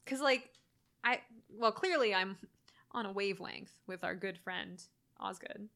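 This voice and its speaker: A woman's voice: mid-range voice, unhurried, gravelly. A woman co-hosting a podcast, chatting casually about a horror movie and acting out scenes. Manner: animated, acts out scenes with voices. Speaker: podcast co-host.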